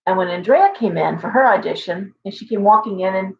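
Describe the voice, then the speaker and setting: A woman's voice: medium pitch, creaky. A woman who owns a shop, hosting a live stream and telling stories in a rambling way, often stopping and starting over. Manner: rambling, storytelling with halting restarts. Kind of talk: casual livestream chat. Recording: dull lo-fi stream audio.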